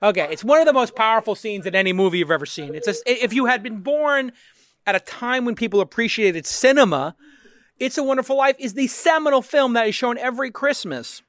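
Brief: male podcast host with a high voice, excitable storyteller, dry close studio sound. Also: a little fast, no echo. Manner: excitable, acts out quotes with rising emotion. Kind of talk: casual chat, retelling a film scene.

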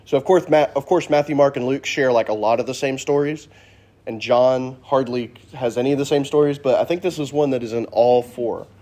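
A man's voice: medium pitch, fairly quick, dark tone. A man teaching a casual Sunday Bible class in a church classroom, joking and asking the class questions.

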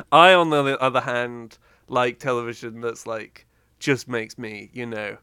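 A man's voice: mid-range voice, fairly even intonation, takes it slowly, pushed and bright, smooth, no echo, clean studio sound. A man co-hosting a podcast in casual chat, wry and rambling as he talks. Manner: rambling, lots of fillers and restarts, wry. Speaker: podcast co-host.

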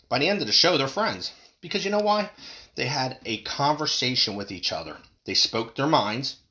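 A man giving a profane, angry political rant, with big swings in pitch when he stresses a point. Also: pushed and bright. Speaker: political commentator.

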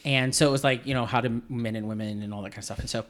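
Racing along at a mid-range pitch with fairly even intonation and a touch of brightness, a man in his forties hosts a podcast. It's casual chat, full of swearing, frequent laughter and rambling stories.

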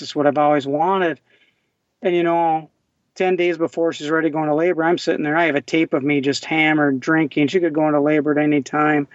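A man in his forties, a podcast guest, telling a raw, halting story of his own recovery with many restarts. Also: on the high side, no echo. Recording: dry, dull lo-fi audio.

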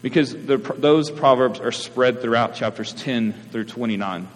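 A man's voice: medium pitch, a little slow. A man, preaching a sermon in a conversational way and often checking in with listeners. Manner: conversational preaching with frequent "right?" asides. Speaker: pastor. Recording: reverberant hall, mains hum.

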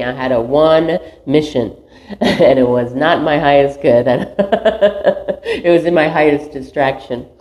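A woman's voice: very deep voice, gravelly, a little mellow. A woman giving a reflective spiritual monologue, earnest and meandering, laughing at herself now and then. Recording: roomy echo, slightly dull sound.

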